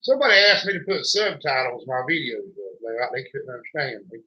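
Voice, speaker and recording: A fast-talking man with a sharp, animated tone and a mid-range voice hosts a homesteading show. He chats casually with a folksy drawl and a thick rural North Carolina accent of the Southern US, captured in dull lo-fi sound.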